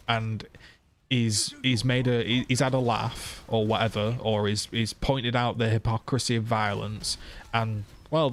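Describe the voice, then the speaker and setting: A man's voice: mid-range voice, a little hiss or hum. A man streamer ranting heatedly to his viewers, swearing and firing off rhetorical questions. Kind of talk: casual live-stream rant.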